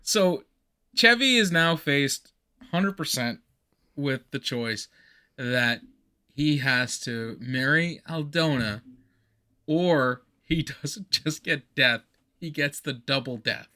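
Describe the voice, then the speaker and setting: Man, podcast co-host, casual chat, bright tone, animated, rambling. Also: a little high, takes it slowly. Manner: animated, laughing, rambling recaps. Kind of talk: casual chat about a movie.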